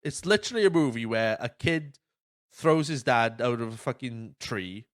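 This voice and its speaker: A man's voice: mid-range voice, expressive, moderate pace, no room sound, studio quality. A man hosting a podcast, telling stories casually with lots of swearing and acted-out quotes. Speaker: podcast host. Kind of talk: casual chat.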